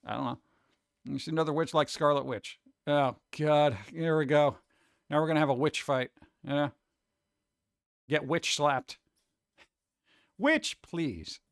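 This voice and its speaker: Smooth-voiced man chatting on a stream. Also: on the high side, steady tone, moderate pace, pauses often, dry recording, clean studio sound. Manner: rambling, jokey, reacts to chat aloud. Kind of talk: casual live-stream chat.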